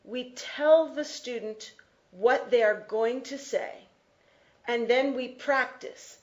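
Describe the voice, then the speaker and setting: A woman teaching an English class, explaining slowly and repeating key phrases. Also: fairly high pitch. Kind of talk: classroom lecture.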